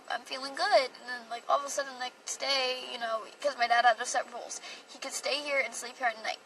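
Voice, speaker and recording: A woman's voice: sits high, pushed and bright. A young woman telling a personal story on a phone livestream, rambling and emotional, with a lot of "like". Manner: rambling and emotional, heavy use of "like". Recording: distant from the mic, faint background noise.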